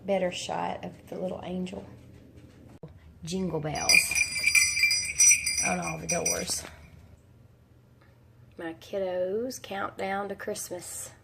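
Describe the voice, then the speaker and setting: Speaking slowly with long pauses, this homeschooling mom vlogger has a lowish, steady voice that's bright and forceful, with some vocal fry. She's in her forties, stuffed up with a head cold, and rambles casually with a few ums while touring her house. Slight background noise can be heard.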